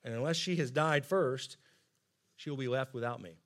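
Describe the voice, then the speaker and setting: A middle-aged man preaching a sermon, earnest and emphatic, often dropping to soft asides. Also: medium pitch, moderate pace. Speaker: pastor.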